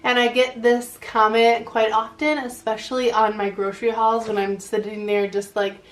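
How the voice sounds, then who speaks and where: A woman with a slightly high voice talks to camera in a casual, chatty vlog style, filling her sentences with "like." She sounds a little short of breath as she keeps talking. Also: flat delivery, normal speed. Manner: chatty, lots of "like" fillers. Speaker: vlogger.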